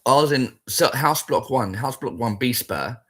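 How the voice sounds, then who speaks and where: A man's voice: mid-range voice, animated, normal speed, fairly bright tone, slight background noise. A man in a blunt, rambling, sweary casual rant that keeps repeating its points.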